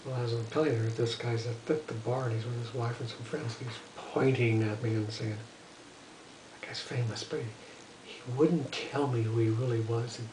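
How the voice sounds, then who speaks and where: A man's voice: medium pitch, steady tone, normal speed, noisy background. Older man rambling through a story, roomy. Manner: rambling, lots of "you know" and "uh". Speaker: musician telling stories. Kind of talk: casual storytelling monologue. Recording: roomy echo, voice from a distance.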